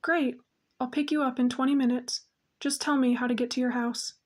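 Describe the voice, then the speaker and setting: A woman voicing a cheerful, lively young woman teacher in an audiobook reading, with a breezy, friendly manner. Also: sits high, moderate pace.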